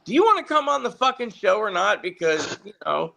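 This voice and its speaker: A woman's voice: mid-range voice, very animated, a little fast, creaky, sharp tone, a little hiss or hum, voice pushed up, heavily acted. A man voicing an impatient woman who books guests for a TV show, curt and swearing. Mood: exasperated. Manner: exasperated, swearing. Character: blunt, impatient female TV show booker.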